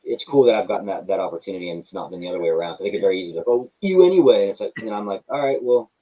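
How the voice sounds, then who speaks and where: Texas guy, pro wrestler on an interview, deep husky voice, talks quick and acts out stories. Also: poor audio. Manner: animated storyteller, acts out dialogue, says "man" and "brother" a lot. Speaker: professional wrestler guest. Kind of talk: casual interview chat.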